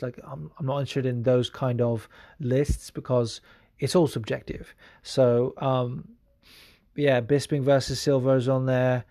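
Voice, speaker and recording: A man's voice: mid-range voice, warm tone, no room sound, clean studio sound. A man hosting a podcast in casual chat, rambling with many fillers and swearing freely. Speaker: podcast host.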